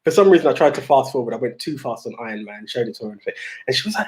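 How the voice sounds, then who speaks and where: A young man co-hosting a podcast, telling stories in a rambling, animated way with many restarts. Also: medium pitch, very fast. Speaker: podcast co-host. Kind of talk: casual chat.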